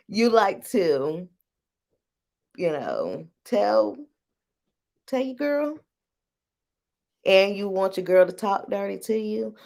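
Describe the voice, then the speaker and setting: A woman's voice: lowish voice, darkish tone. A woman hosting a casual live-stream chat, frank and teasing, who laughs often between phrases. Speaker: host.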